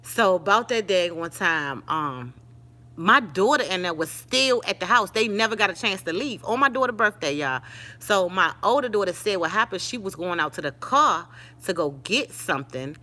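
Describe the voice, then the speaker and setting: An older woman telling a story to her live-stream viewers in a casual, animated way. She calls them y'all and honey and speaks. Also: mid-range voice, normal speed.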